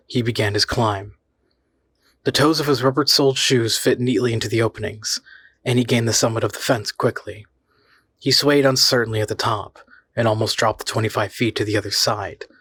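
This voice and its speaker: A man reading a horror story aloud in a measured, suspenseful way. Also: medium pitch, steady tone, a bit bright, slightly rough, no echo. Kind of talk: scripted horror story narration.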